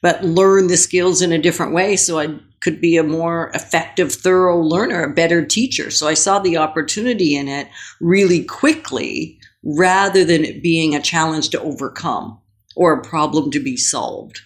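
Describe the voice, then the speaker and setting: A woman's voice: low-pitched, normal speed. A woman co-hosting a casual conversation, speaking in an earnest, encouraging and reflective way. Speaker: podcast co-host.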